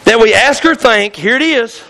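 Fiery preacher guy, real high pitched, hollers at the congregation. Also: expressive, moderate pace, sharp tone. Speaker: pastor. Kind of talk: sermon. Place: church sanctuary.

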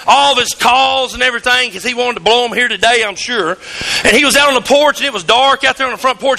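A middle-aged man, preaching a sermon in a church, telling folksy stories and rising to shouts. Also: very high-pitched, gravelly. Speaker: pastor. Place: church sanctuary.

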